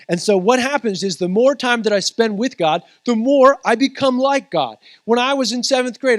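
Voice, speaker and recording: A man preaching to his congregation in a high, earnest voice, swinging between hushed, low passages and lifted, energetic ones. The sound is dry and close, with little room around it. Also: no room sound. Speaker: pastor. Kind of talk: sermon. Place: church.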